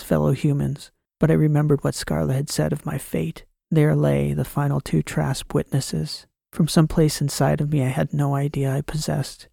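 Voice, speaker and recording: A man narrating a science fiction audiobook in the first person, reading in a measured, dramatic way. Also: a little high, vocal fry, warm tone, dry recording, clean studio sound.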